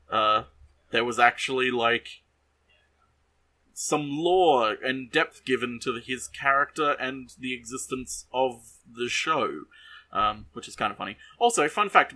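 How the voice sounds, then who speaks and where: A man hosting a casual podcast, sharing trivia playfully, swearing offhand, his pitch jumping up suddenly. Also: pushed and bright. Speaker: podcast host.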